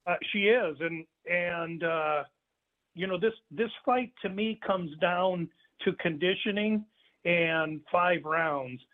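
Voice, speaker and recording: Halting male sports analyst on a phone line. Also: sits high. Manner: measured, halting with restarts.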